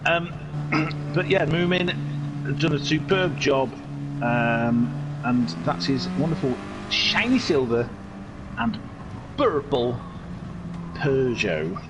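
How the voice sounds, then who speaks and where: A man's voice: medium pitch, very animated, slow pace, long pauses, noisy background. A man giving casual, jokey commentary on a racing game, with rambling, self-mocking asides. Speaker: race commentator. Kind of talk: casual race commentary over game footage.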